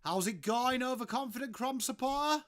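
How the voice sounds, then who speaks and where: A man from England with an extremely high-pitched, slightly bright voice talks at normal speed. He's hosting a casual live-stream watchalong from home, chatting along and greeting viewers by name as he reacts to their messages.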